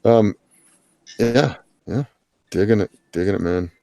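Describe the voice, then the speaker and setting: In a dry recording, a man with a lowish, dark voice and vocal fry talks a little slowly. He's the host of a live drawing-challenge stream, and his casual commentary wanders, filler-heavy and sprinkled with jokes.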